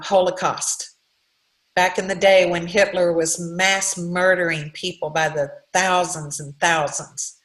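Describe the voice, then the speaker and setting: A woman speaking as a guest, giving an earnest, heartfelt, faith-based motivational talk with halting restarts. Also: on the low side, a bit bright, reverberant, low-quality recording. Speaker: guest speaker, direct sales leader.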